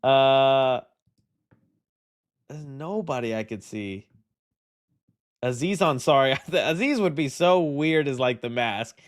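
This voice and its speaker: A man's voice: mid-range voice, animated, slow pace, long pauses. A man hosting a live movie news stream, chatting loosely with his viewers, joking, trailing off and restarting his thoughts. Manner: rambling, joking, reads and answers chat, hesitant restarts. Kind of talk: casual live-stream chat.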